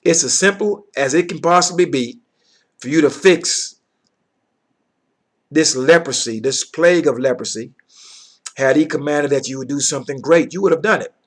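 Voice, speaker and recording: A man's voice: fairly high pitch, normal speed, pauses often. A man teaching from the Bible, reading verses aloud and then explaining them in plain words, often checking in with his listeners.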